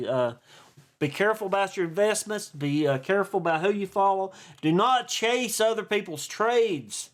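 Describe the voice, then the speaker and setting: A man's voice: high-pitched, animated, moderate pace. Chatty East Tennessee man, rambling. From East Tennessee, USA. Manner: chatty, rambling, folksy, with frequent fillers and restarts. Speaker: stock and crypto video host. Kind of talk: casual rambling vlog monologue.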